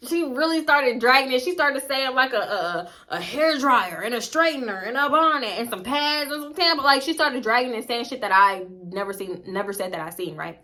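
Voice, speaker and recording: A woman's voice: a little high, moderate pace, hardly any pauses, bright, forceful tone. A young woman vlogger telling a storytime tale casually, profane and gossipy, acting out what people said.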